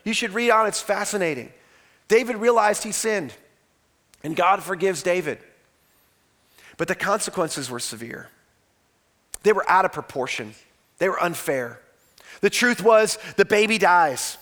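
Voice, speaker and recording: Male preacher, high voice, dramatic sermon storyteller who swings between loud and hushed. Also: lively intonation, unhurried, long pauses. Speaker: pastor.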